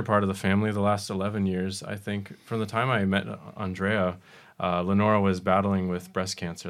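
A young adult man hosting a podcast conversation, affirming and unhurried, with frequent soft fillers. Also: lowish voice. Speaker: podcast host. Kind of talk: hosted conversation.

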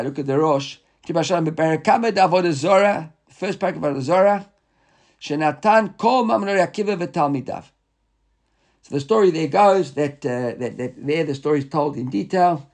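A man leads a text study class, reading each passage aloud and then explaining it in plain, casual words. His voice sits a little high, and he stumbles and restarts as he goes. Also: a little mellow. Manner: restarts often, reads Hebrew and Aramaic then paraphrases casually. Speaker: Torah teacher.

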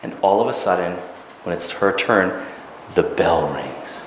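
Lively, dramatic male storyteller-teacher. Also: deep voice, unhurried, a little hiss or hum. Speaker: religious teacher. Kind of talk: animated storytelling lecture. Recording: very echoey room, faint ambience.

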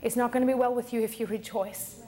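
A woman's voice: fairly high pitch, steady tone, fast talker, mellow. A middle-aged woman pastor preaching a sermon in a chatty way, often laughing and repeating words. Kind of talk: sermon teaching.

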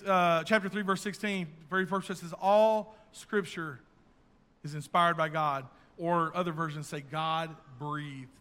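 High, bright-voiced preacher in a reverberant hall. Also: male voice. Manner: earnest storytelling, rising to fervent exhortation. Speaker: pastor. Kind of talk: sermon.

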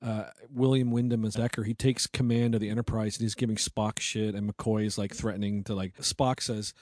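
Man chatting about a tv show, quick yeps and trivia, dry mic. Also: on the low side, level tone, a little mellow, dry recording. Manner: chatty, frequent short agreements, hums theme tunes. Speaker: podcast co-host. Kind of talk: casual chat about a TV series.

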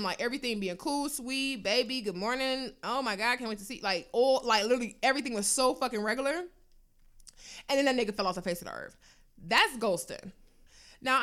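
A young woman with a bright, forceful voice pitched a little high tells a story in loose, casual chat. She talks in an animated way and swears freely.

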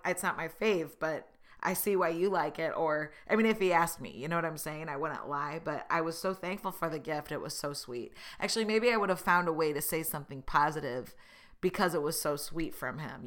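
A woman's voice: fairly low pitch, sharp tone. A woman, hosting an upbeat, chatty motivational podcast monologue full of asides. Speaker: podcast host.

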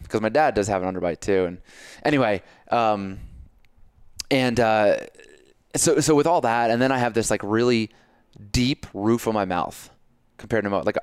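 Low, smooth-voiced man chatting. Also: no echo, studio quality. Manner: animated, storytelling, acts out his own self-talk. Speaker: podcast host and coach. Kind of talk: casual conversation.

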